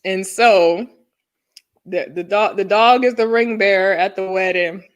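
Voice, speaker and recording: A woman's voice: medium pitch, a little slow, smooth. A young woman co-hosting a casual live review chat over a video call, laughing often and telling stories with energy. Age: young adult. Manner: laughs often, animated storytelling. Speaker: co-host.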